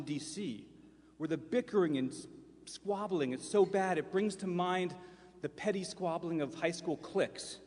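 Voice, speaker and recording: A man in his fifties giving a formal speech as county chairman from a podium, measured and emphatic, repeating key lines. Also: a little high, a little mellow. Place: large event hall. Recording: long hall reverb from a public forum.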